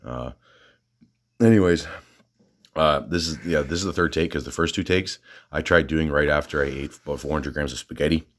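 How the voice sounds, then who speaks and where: A man's voice: extremely low pitch, fairly even intonation, fairly quick, a bit bright. A man with a Southern US accent, casually vlogging about his gym training, rambling with lots of fillers and restarts and a little out of breath. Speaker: fitness vlogger.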